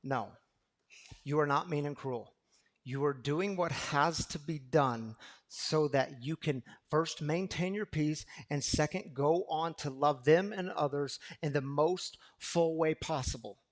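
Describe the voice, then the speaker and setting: A male pastor preaching a sermon in a conversational way, asking the congregation questions and moving between loud emphasis and hushed storytelling. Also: a little high, measured pace.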